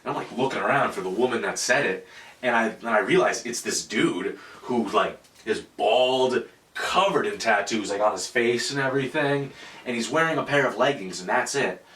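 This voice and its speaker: A man's voice: medium pitch, normal speed, sharp tone, far from the mic. A man hosting a casual podcast, telling a story with lots of swearing. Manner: profane storytelling. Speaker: podcast host. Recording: echoey room, off-mic.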